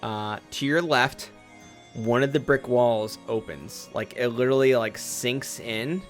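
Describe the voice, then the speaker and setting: A man's voice: medium pitch, measured pace, soft background music. A man running a tabletop game as game master, narrating in a casual, loose way.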